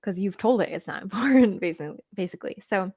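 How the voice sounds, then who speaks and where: A woman coach chatting through a livestream Q&A, reading viewer comments and answering in an animated, laughing way with lots of fillers. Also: medium pitch, fairly quick, breathy edge, dry recording, studio quality. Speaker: weight-loss coach.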